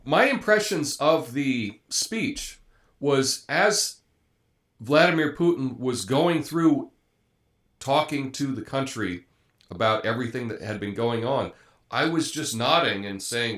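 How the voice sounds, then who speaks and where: Man, show host, casual live commentary, fillers, restarts, mid-pitched voice. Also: lively intonation, takes it slowly, fairly bright tone. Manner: conversational, frequent fillers and restarts.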